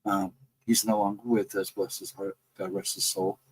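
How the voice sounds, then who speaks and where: A man's voice: deep voice, little pitch movement, moderate pace, a little mellow, husky, low-quality recording. A man casually recounting his own ghost encounters in a rambling, self-correcting way. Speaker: guest storyteller.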